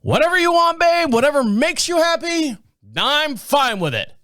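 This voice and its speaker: Casting note: man putting on a high, careless, dismissive husband who waves his wife off. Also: very animated, moderate pace, sharp tone, dry recording, studio quality, heavily acted. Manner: careless, brushing off. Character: dismissive athletic dad, adult man.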